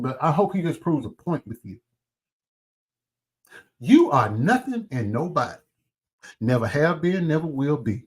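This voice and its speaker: A man vlogger delivering an angry, profane call-out rant, swinging from loud outbursts to low muttering and eating as he talks. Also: sing-song, a little slow, long pauses, breathy edge. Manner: eats while talking. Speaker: commentary vlogger.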